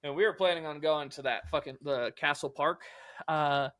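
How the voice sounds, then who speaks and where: Casual young dude telling a spooky story, swears a lot, kinda high voice, dry mic. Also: male voice, fairly even intonation, moderate pace, fairly bright tone, no room sound. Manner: rambling, profane, lots of fillers. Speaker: podcast co-host.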